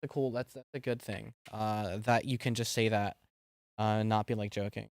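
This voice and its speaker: A man's voice: on the low side, steady tone, normal speed, no echo, studio quality. A man streaming live, chatting casually with his viewers, rambling with fillers and giggling often.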